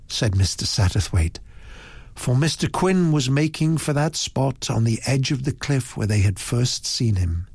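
A man narrating a story aloud in a slow, expressive reading. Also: lowish voice, breathy edge, no room sound. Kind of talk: audiobook narration.

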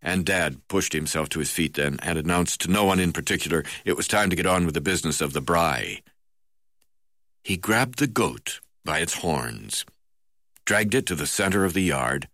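A man narrating a memoir in the first person, halting now and then with "uh" fillers. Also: sits low, lively intonation, a bit bright, no echo.

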